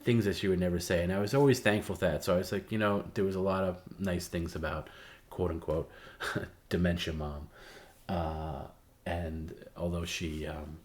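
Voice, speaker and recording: A middle-aged man with a very low voice tells a personal story on a livestream. He is candid and meandering, and his sentences often drift off into a soft hush. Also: fairly even intonation, moderate pace. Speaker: livestream host. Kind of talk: casual storytelling.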